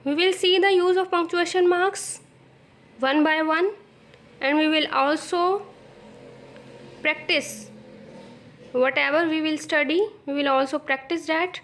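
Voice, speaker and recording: Slow, high-voiced Pakistani English teacher. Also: female voice, steady tone, fairly bright tone. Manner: slow, explanatory, repeats phrases for emphasis. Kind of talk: recorded lesson.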